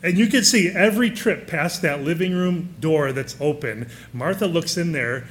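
A man's voice: a little high, normal speed, a bit bright, slight background noise. A man preaching a sermon in a conversational way, often putting questions to his listeners.

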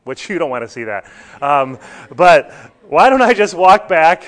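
A man with a somewhat high voice leads a Bible class, speaking earnestly and often turning questions back to the group. His delivery is that of a church teacher working through a lesson. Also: big pitch swings, measured pace.

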